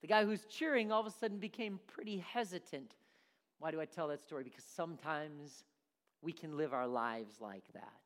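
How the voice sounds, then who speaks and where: A man preaching a sermon, animated and acting out characters in his stories. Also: on the high side, moderate pace. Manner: animated, acts out voices in stories.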